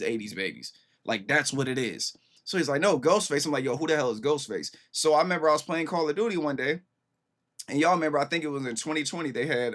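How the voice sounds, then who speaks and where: Excitable slangy man reacting to music. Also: on the high side. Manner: excitable, slangy, swears freely, talks straight to viewers. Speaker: reaction video host. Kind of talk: casual reaction commentary.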